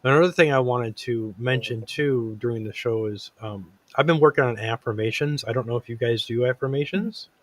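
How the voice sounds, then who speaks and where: A man's voice: medium pitch, fairly quick, hardly any pauses, no room sound. A man hosting a casual talk show, earnest and rambling, with lots of fillers and restarts. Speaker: podcast host. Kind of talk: casual chat.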